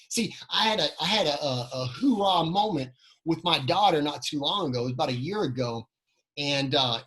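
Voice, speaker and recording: A man with a slightly high, husky voice delivers a motivational training talk. He tells personal stories, asks the audience questions and repeats his key lines for emphasis. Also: a bit bright, low-quality recording. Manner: storytelling with rhetorical questions and repeated phrases.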